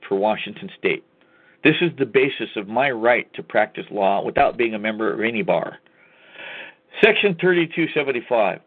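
A man hosting a talk radio show, delivering a combative, folksy monologue and often calling the listeners "folks". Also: medium pitch. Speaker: radio host. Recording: tinny phone-line sound.

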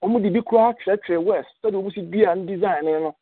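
Reminiscing in a relaxed chat, an older man with a high-pitched voice speaks a little fast, weaving English words into his stories. The call sounds tinny, like a phone line, and the recording is dry.

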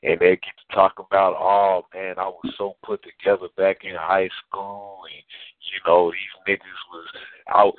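A man's voice: low voice, level tone, unhurried, dry recording. A man chatting casually on a podcast, telling a story with lots of "you know what I'm saying.". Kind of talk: casual chat. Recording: dry, phone-like band.

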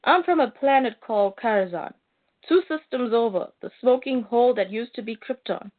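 A woman's voice: a little high, normal speed, close to an everyday voice. A woman voicing a brash, crude male alien bounty hunter in a comic-book recap, boastful and mocking, on a narrow phone-like line. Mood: taunting.

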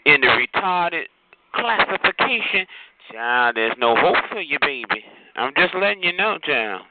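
The chat-line host sounds sing-song and unhurried, his voice on the high side. He mocks the caller with campy jabs, tossing out child and honey in a sassy roast, all heard through a tinny line full of hiss.

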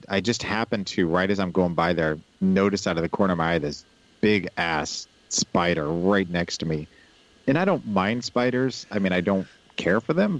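A man co-hosting a podcast in casual chat, relaxed and chatty, laughing easily. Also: low voice, dull audio. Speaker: podcast co-host.

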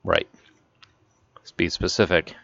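A man co-hosting a casual podcast, reading listener emails aloud and cracking deadpan jokes. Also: low-pitched, takes it slowly, gravelly, no room sound, muffled recording. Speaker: podcast co-host. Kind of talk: casual chat.

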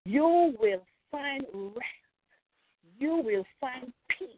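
A woman's voice: sits high, lively intonation, very slow, no echo. A woman pastor preaching a fervent sermon, repeating phrases and calling out praise. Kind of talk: sermon over a phone line. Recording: tinny phone line.

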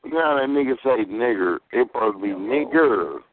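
A man's voice: mid-range voice, fast, no echo. A man calling a chat line who jeers and mocks the other callers. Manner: jeering, mocking. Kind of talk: phone chat line banter. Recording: tinny phone line with crowd chatter.

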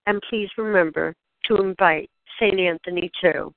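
A woman leading a channeled spiritual guidance session, speaking in gentle, questioning prompts to the listener. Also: on the low side, normal speed, gravelly, no room sound. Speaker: spiritual guide. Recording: dry, tinny phone-like sound.

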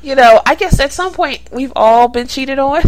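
A woman's voice: sits high, moderate pace, a little hiss or hum, rough recording. A woman co-hosting a podcast, chatting casually with opinions and frequent laughter. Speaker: podcast co-host.

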